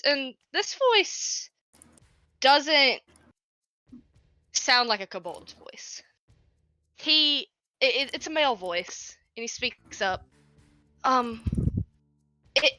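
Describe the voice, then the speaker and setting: Slow, bright-voiced woman game master. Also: high-pitched, expressive, no echo, soft background music. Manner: halting, restarts often, laughs easily. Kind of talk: narrating a tabletop game.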